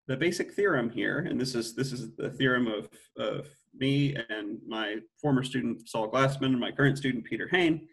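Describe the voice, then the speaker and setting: A man's voice: mid-range voice, moderate pace, creaky, few pauses, a bit bright. A middle-aged man giving an academic mathematics lecture, thinking aloud with frequent restarts and self-corrections.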